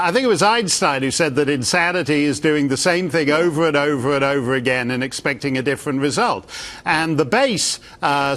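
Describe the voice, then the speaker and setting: A columnist makes his case as a guest on a news interview. He speaks with dry wit and a fluent, sardonic flow. His voice sits slightly high for a man. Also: fairly bright tone. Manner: wry, articulate, sardonic.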